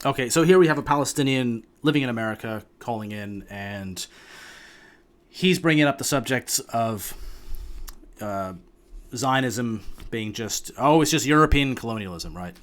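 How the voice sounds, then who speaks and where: A man's voice: mid-range voice, expressive, moderate pace. A man hosting a reaction video, commenting casually with frequent hesitations and restarts. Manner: hesitant, many restarts, frustrated.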